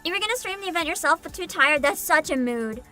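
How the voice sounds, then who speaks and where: A woman streamer chatting casually on a livestream, excitable and giggly, often humming and squealing. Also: high-pitched, quick pace, faint music behind. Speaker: streamer reacting to a game showcase. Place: home streaming setup.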